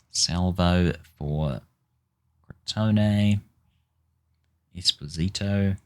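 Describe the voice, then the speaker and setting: Low-voiced guy slowly moaning and cursing at his footy manager save. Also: fairly bright tone. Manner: exasperated, swearing, muttering at the game. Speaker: gaming YouTuber. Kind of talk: casual gameplay commentary.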